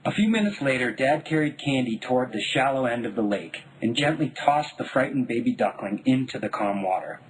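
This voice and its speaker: Male memoir narrator from Denver, husky, wry, lively delivery. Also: mid-range voice, fairly quick, hardly any pauses, rough recording. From Denver, United States. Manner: wry, deadpan humor. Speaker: memoir author.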